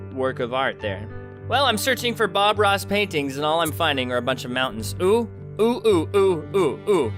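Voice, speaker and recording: A man hosting a let's play, chatting to himself as he plays and swinging between loud outbursts and quiet mumbling. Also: a little high. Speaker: gaming channel host.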